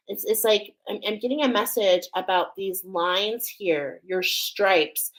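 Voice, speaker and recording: A woman's voice: medium pitch, expressive, a little slow, hardly any pauses, fairly bright tone, low-quality recording. A middle-aged woman from Australia doing a casual spiritual oracle card reading, chatting with viewers as friends. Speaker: tarot and oracle card reader.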